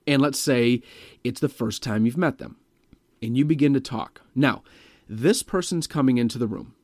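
A man's voice: normal speed, darkish tone, no room sound, clean studio sound. Emphatic man coaching sales tonality. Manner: demonstrates pitch and volume by example, emphatic and direct. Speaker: sales trainer. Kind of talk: instructional talk on vocal tonality.

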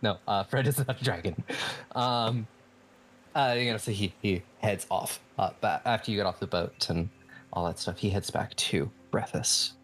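A man's voice: lowish voice, moderate pace, fairly bright tone, a little hiss or hum. A man narrating a tabletop game as game master, hesitant, with many fillers and restarts.

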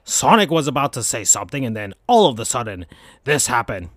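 A man hosting a podcast, reading absurd fan fiction aloud in a slow deadpan. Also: mid-range voice, dry recording, studio quality. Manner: slow, deadpan, breaks into laughter. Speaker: podcast host.

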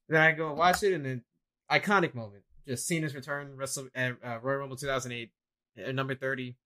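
A young adult man co-hosting a casual chat, an animated storyteller who acts out what people said. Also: medium pitch, quick pace. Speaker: co-host.

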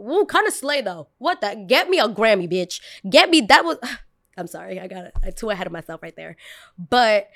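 A woman hosts a casual podcast in a lively, chatty voice at a mid-range pitch. She rambles and curses freely, slipping into quick voices for the people she quotes. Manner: animated and chatty, swears casually, acts out quotes. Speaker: podcast host.

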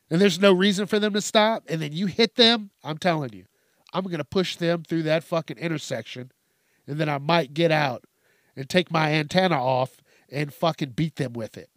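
Young man, fairly high voice, dry close mic, profane rambling comic rant. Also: normal speed, no room sound. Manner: rambling, swears constantly, laughs at his own jokes. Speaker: podcast host.

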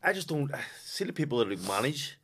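A man's voice: medium pitch, big pitch swings, a little fast, fairly bright tone, breathy edge. A man, a boxer and podcast guest, talking bluntly and with plenty of swearing in casual chat.

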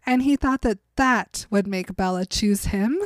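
A woman's voice: medium pitch, unhurried, dry recording, studio quality. A woman co-hosting a casual podcast, recapping a novel and reading its dialogue aloud in mocking voices. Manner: reads quotes aloud in mocking character voices, laughs often. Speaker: podcast co-host.

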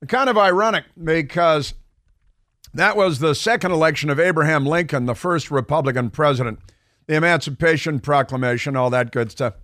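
Man, talk radio host, sarcastic and mocking, slightly high voice, dry close studio sound. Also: normal speed, a bit bright, dry recording. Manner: sarcastic, mocking, restarts mid-sentence.

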